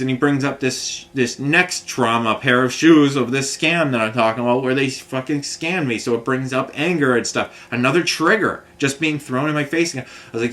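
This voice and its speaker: Frustrated guy ranting to his camera, rambling on and on, average pitched voice. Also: moderate pace, hardly any pauses, a bit bright. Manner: frustrated, run-on storytelling full of filler phrases. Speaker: vlogger. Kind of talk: rambling personal rant to camera.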